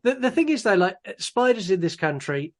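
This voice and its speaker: A man from England co-hosting a casual podcast, talking dryly with halting restarts. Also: high voice, sing-song. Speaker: podcast co-host. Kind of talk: casual chat.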